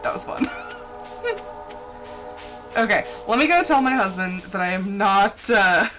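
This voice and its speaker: A woman's voice: mid-range voice, expressive, unhurried, over music. A young woman with a General American accent, from the central United States, chatting casually on a gaming stream from home into a close mic, giggling often. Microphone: close desk mic.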